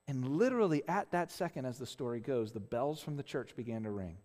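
A man's voice: medium pitch, lively intonation, a little fast, darkish tone, long reverb tail. A man preaching a conversational sermon as a pastor, earnest, often restarting phrases and checking in with "right?". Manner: earnest, with frequent restarts and tag questions.

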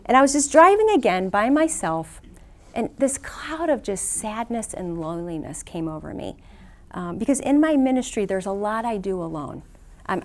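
A woman's voice: medium pitch, darkish tone. A woman missionary preaching a sermon in a church, telling personal stories earnestly with frequent restarts. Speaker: women's ministry speaker and missionary.

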